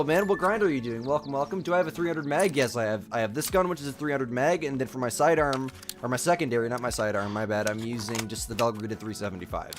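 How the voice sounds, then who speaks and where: A young man chatting casually on a live gaming stream, reading chat and talking through a nagging cough. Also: mid-range voice. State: sick with a cough.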